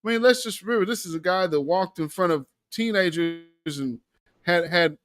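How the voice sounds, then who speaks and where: A male host giving a slangy, sarcastic political commentary monologue, emphatic and animated. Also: high voice, moderate pace, no echo.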